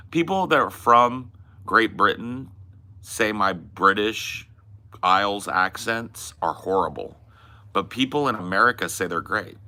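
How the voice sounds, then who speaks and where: A man's voice: on the low side, sharp tone. A man hosting a casual podcast, talking in a joking, profane way. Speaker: host.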